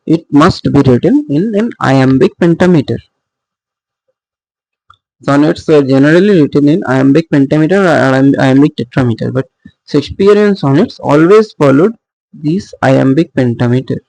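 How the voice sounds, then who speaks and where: A man teaching poetic meter in a recorded lecture, explaining slowly with pauses and fillers as he works through examples. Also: fairly high pitch, vocal fry, warm tone, dry recording, low-quality recording. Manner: slow, halting explanation with frequent fillers and restarts. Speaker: literature teacher.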